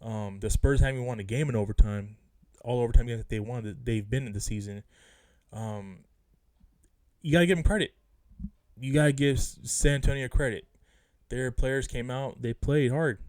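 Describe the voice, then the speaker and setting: A man rants casually as a sports fan vlogger, frustrated and emphatic, circling back to the same points again and again. His voice sits in a mid register with a warm, darkish tone. The sound is close and dry. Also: mid-range voice, moderate pace, long pauses, dry recording. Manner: frustrated, emphatic, repeats himself. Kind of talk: casual rant about a basketball game.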